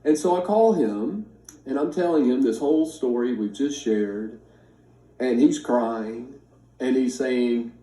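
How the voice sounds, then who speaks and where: A man in his fifties telling a story casually to family and friends, acting out the quoted voices with lively emphasis. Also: medium pitch, unhurried. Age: 50s. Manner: animated, acts out quoted speech. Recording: roomy sound from a distance.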